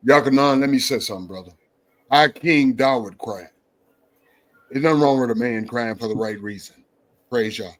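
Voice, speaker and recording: An effusive man hosting a religious talk show. He praises his callers over and over in a voice of medium pitch. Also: moderate pace, pauses often. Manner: effusive, repeats praise phrases. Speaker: show host.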